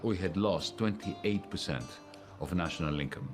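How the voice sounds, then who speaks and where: Man, middle-aged, very deep voice, measured first-person narration, music underneath. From Greece. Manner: measured storytelling with pauses and fillers. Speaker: documentary narrator.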